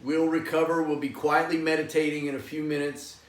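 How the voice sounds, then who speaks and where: A man with a slightly raised pitch guides a meditation class, coaxing listeners along and breaking into loud, forceful chants. His voice rings around an echoey room, and he sounds set back from the microphone. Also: flat delivery, fairly quick, distant mic. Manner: encouraging, coaxing listeners to join in. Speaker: yoga and meditation teacher.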